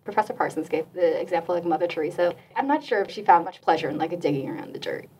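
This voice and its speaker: A woman's voice: lowish voice, animated, fast, a little mellow, far from the mic, a little hiss or hum, rough recording. A young woman leading a casual student discussion, chatty and full of fillers, laughing often. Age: young adult. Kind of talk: casual chat.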